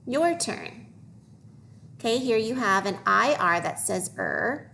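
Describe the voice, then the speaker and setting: A woman teacher leading a phonics lesson for young children, modeling each word slowly and clearly. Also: medium pitch, wildly swooping pitch, bright, forceful tone, slight background noise. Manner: slow, deliberate modeling of words for young learners.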